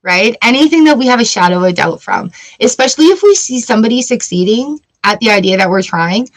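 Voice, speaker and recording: This middle-aged Canadian woman hosts a casual tarot livestream, chatting with viewers and giggling often. Her voice sits on the high side, expressive and fast, and the recording quality is low.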